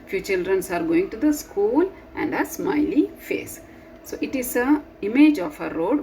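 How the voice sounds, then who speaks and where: A woman's voice: on the low side, a little mellow, a little hiss or hum, low-quality recording. A woman teacher who reads the text aloud and explains it to young children. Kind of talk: classroom lesson explanation.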